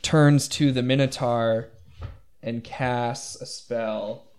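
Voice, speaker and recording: A man narrating a tabletop game as game master, counting dice rolls aloud with excitement. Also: medium pitch, takes it slowly, clean tone.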